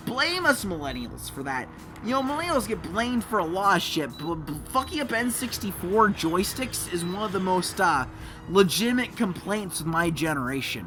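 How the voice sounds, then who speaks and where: A man's voice: sits high, bright, forceful tone. A man in his twenties doing rambling, profane let's play commentary over a game. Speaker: gameplay commentator. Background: game music.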